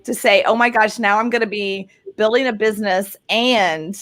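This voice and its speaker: A woman's voice: medium pitch, moderate pace, fairly bright tone. A woman hosting a casual interview over a video call, encouraging her guest and often adding "right?". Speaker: host.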